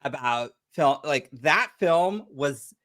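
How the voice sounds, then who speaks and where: A woman with a fairly low voice talks in casual conversation with a lot of swing in her pitch. She reacts expressively and stumbles through restarts as she gathers her thoughts. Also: expressive, slow pace, fairly bright tone. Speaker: podcast guest. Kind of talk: casual chat.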